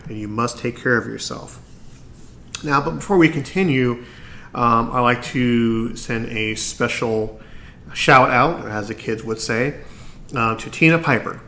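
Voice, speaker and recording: A podcast host with a pushed, bright mid-range voice talks alone to his listeners. His tone is sincere and supportive, and now and then he stumbles on a word.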